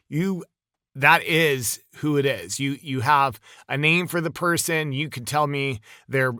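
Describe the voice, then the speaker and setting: A man coaching voice actors, giving a casual, chatty critique of a demo with quick bursts of praise. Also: medium pitch, bright, forceful tone, smooth, no room sound, clean studio sound.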